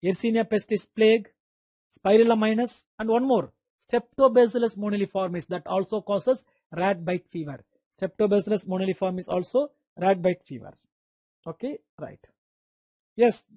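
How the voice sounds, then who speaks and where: A man's voice: high-pitched, moderate pace, dark tone, no room sound. Man with an Indian accent lecturing medicine. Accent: Indian English. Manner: repeats key terms, quizzes students, makes sound effects. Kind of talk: live online lecture.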